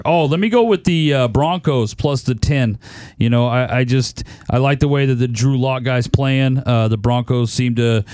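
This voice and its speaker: Smooth-voiced man talking football picks. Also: medium pitch, no echo. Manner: laid-back, weighs each pick out loud. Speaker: podcast host. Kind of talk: casual sports betting chat.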